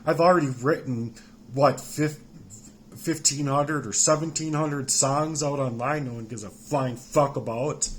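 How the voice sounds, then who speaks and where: A man in his forties delivering an angry personal rant, heavily profane, swinging between shouting and low muttering. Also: a little slow, slight background noise. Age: 40s.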